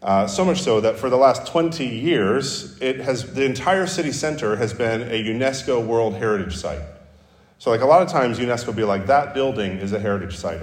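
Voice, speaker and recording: Pastor, man, casual storytelling sermon, booming church reverb. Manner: conversational, self-deprecating storytelling. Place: church sanctuary. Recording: roomy hall reverb.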